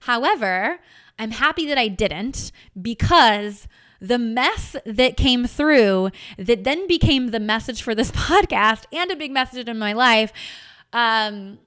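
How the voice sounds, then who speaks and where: A woman hosting a podcast, telling a personal story in a candid, animated way and swearing freely as she goes. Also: a little high, slow, clean tone. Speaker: podcast host. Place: home.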